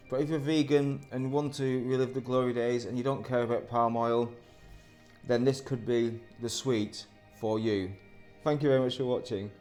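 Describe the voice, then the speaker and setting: A man's voice: mid-range voice, a little mellow. A man casually reviewing a sweet on camera, rambling and self-interrupting, with dry, sardonic asides.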